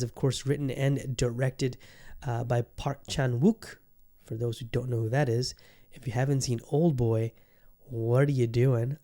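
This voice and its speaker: A man's voice: medium pitch, mellow. A man hosting a podcast alone, talking loosely with lots of fillers, swearing and restarts. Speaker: podcast host. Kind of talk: casual solo podcast monologue.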